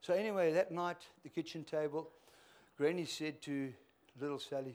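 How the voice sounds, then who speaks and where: A man's voice: on the high side, normal speed, a little mellow. An older man preaching, telling a rambling, joking story. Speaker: pastor. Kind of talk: sermon storytelling.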